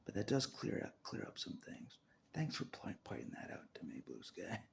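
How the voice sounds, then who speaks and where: A man's voice: lowish voice, wildly swooping pitch, moderate pace, vocal fry. A man talking on his own about faith, half-whispering and laughing often as he rambles in a restless, searching way. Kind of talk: rambling spiritual monologue.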